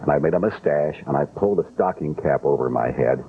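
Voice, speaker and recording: A man's voice: rumbling low, fairly quick, creaky. A man being interviewed about his old films, telling stories in a wry, unapologetic way. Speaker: film director guest. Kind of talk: interview chat. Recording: tinny lo-fi broadcast sound, faint hiss.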